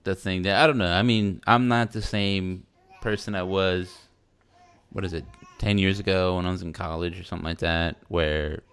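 Podcast co-host, man, deep and gravelly, rambling and casual. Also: steady tone, moderate pace, a bit bright. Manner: rambling, loose and self-mocking, with playful put-on quotes. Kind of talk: casual chat.

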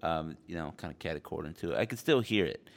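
A man's voice: rumbling low, quick pace, creaky. A man co-hosting a casual chat, telling a story with energy and swearing casually. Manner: animated storytelling, swears casually, mimics other people. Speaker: podcast co-host.

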